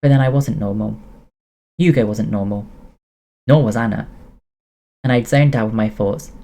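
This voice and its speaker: Mellow man reading a novel aloud. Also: lowish voice, moderate pace. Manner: steady first-person narration, occasional laughs.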